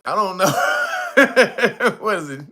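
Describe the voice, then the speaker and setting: A man's voice: high voice, expressive, slow, slight background noise. A livestream host reading out his chat, laughing constantly, loose and profane.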